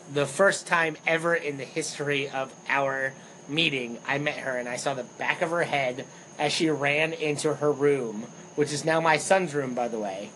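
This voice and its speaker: A young man co-hosting a podcast, telling stories in animated casual chat and swearing freely. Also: medium pitch, a little hiss or hum, low-quality recording. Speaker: podcast co-host.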